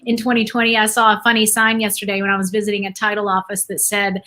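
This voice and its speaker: Middle-aged woman from dallas, chatty guest on a podcast, bright clear tone, laughs easy. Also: medium pitch, monotone, fast talker. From Dallas, Texas, USA. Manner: chatty, storytelling, laughs easily. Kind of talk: casual podcast chat.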